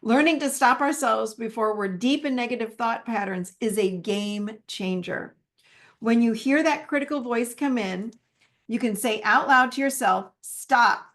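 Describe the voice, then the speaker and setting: A woman's voice: on the high side, moderate pace. A woman teaching a live masterclass in a conversational way, acting out the little inner dialogues she has with herself. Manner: warm, conversational, acts out her own inner dialogue.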